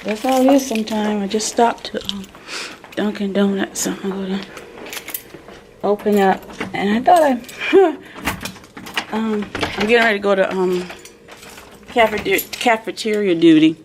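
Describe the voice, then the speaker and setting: A woman's voice: mid-range voice, normal speed, pauses often, background noise. A school librarian, chatting casually and rambling as she vlogs into a handheld phone camera. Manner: rambling, chatty, self-interrupting. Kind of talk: casual vlog chat.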